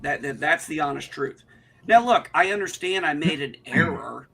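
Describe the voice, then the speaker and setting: A man's voice: on the high side, expressive, normal speed, vocal fry, a bit bright. A man, telling an indignant, profane story in casual chat on a livestream. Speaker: livestream co-host.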